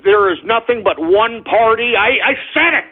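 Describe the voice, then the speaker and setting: Male radio host, furious ranting delivery, husky tone, tinny phone-like audio. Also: high-pitched, animated, moderate pace. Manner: angry, insulting, ranting. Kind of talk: political talk radio rant.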